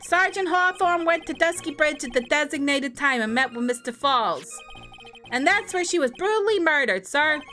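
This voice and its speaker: A woman voicing an earnest young male detective, reading game dialogue loudly and eagerly. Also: animated, moderate pace, faint music behind. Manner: loud, high, earnest and eager.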